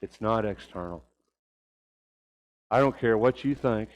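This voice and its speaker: A man's voice: on the low side, measured pace, rough recording. An older man preaching a Sunday sermon, telling folksy stories and rising to emphatic points.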